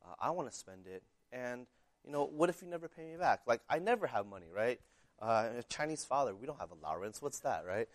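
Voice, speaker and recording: A man voicing an indignant second-grade boy protesting loudly. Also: medium pitch, animated, fairly quick, dry recording, studio quality, natural voice. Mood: wary. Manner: protesting, outraged.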